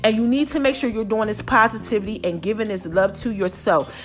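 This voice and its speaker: A woman's voice: mid-range voice, fairly even intonation, brisk, faint music behind. A middle-aged woman, hosting her own podcast as a passionate, preachy motivational monologue addressed straight to listeners. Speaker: podcast host.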